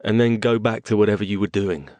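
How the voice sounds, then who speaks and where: A man narrating an audiobook and voicing an exhausted mage who speaks in a clipped, hurried, apologetic way. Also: lowish voice, steady tone, a little mellow, no room sound, close to an everyday voice. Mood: weary, urgent. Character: tired, hurried English mage, adult man, polite but evasive.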